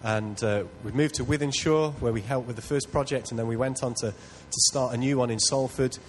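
A man's voice: mid-range voice, brisk, a little hiss or hum, poor audio. A man preaching a sermon, telling a personal story in an earnest, self-deprecating way. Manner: earnest, self-deprecating, builds to loud excitement.

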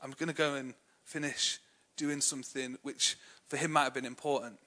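A man's voice: medium pitch, fairly even intonation, normal speed, sharp tone. A young English man preaching a sermon in a chatty, self-deprecating way, telling personal stories with many fillers. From England.

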